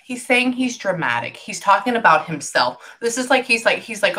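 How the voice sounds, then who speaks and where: Bright-voiced woman relaying messages as a medium. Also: mid-range voice, expressive, normal speed, few pauses. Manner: breaks off often to listen, then relays quotes. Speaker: psychic medium. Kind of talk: reading session, relaying messages.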